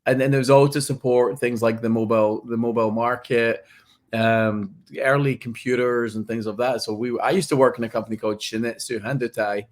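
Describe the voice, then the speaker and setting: A Scottish man hosts a podcast in a relaxed, conversational way. He sounds friendly and chatty, often restarting his sentences. His voice sits at an ordinary middle pitch. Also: fairly quick. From Scotland. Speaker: podcast host. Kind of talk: casual interview chat.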